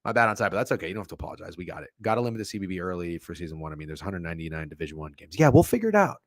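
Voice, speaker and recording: A man's voice: deep voice, very animated, racing, no room sound, clean studio sound. A young man hosting a sports betting stream, rambling and swearing as he reads chat comments and talks through games. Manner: profane, rambling, self-interrupting. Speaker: sports betting show host.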